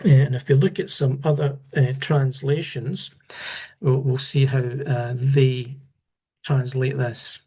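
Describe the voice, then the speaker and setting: A man giving an unscripted Bible study lesson, measured and halting, often restarting his words. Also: medium pitch, fairly even intonation, dark tone, breathy edge. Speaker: Bible teacher.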